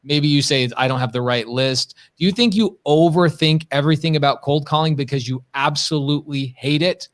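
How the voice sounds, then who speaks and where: A man's voice: fairly high pitch, brisk, hardly any pauses. A man co-hosting a live business stream, talking emphatically in rhetorical questions. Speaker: podcast co-host.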